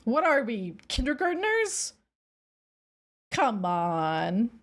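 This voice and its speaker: A woman streamer chats casually and spins a rambling story for her viewers. Her fairly high voice swings widely, jumping up into squeals whenever something excites her. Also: moderate pace.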